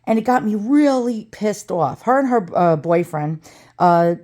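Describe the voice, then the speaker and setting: A middle-aged woman, ranting in a profane, rambling vlog with quick asides. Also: mid-range voice, animated, mellow. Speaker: vlogger.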